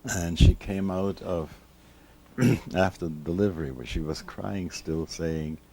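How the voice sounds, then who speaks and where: A rabbi in his seventies, recalling his past in an interview from his home library, speaking slowly and reflectively with many restarts. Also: low-pitched, dark tone, a little hiss or hum. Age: 70s. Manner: slow, reflective, with many restarts and repeated words. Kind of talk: reminiscing storytelling in an interview.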